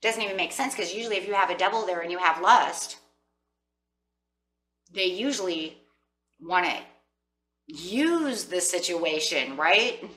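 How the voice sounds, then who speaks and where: A woman's voice: on the low side, lively intonation, measured pace, pauses often, a bit bright, reverberant, distant mic. A woman giving a casual tarot reading, talking to her viewers in a chatty, rambling way. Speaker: tarot reader.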